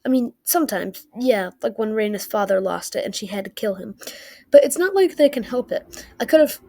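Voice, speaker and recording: A man's voice: high voice, expressive, normal speed, vocal fry, warm tone. A woman reading aloud the lines of a moody teenage boy from a novel, in a plain, unpolished way. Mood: hurt.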